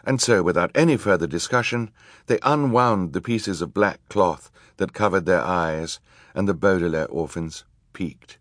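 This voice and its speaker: A man with a lowish voice narrates a story in a measured, wry way. The sound is close and dry, with no room around it. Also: dry recording. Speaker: audiobook narrator. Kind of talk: scripted narration.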